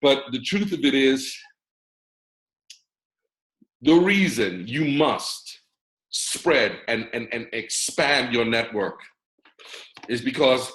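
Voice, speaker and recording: American host, mid-pitched, preacher-style pep talk to a video call audience, echoey room. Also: male voice. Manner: lively and preacher-like, teasing the audience directly. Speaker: network marketing mentor and host.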